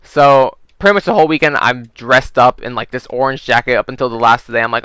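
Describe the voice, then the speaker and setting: A man's voice: medium pitch, fast talker, a bit bright, clear, resonant tone, no echo. A young man casually telling a long story while playing a game, rambling with lots of "you know" and frequent swearing. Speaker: gaming video creator telling stories. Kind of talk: casual storytelling over gameplay.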